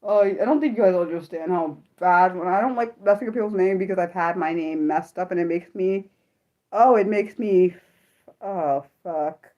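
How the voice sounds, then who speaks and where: A young adult woman chatting casually on her livestream, apologetic and self-deprecating, swearing a lot and swinging from high laughing squeals to low mutters. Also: normal speed, lo-fi sound. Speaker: livestream host. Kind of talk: unscripted livestream chat with viewers.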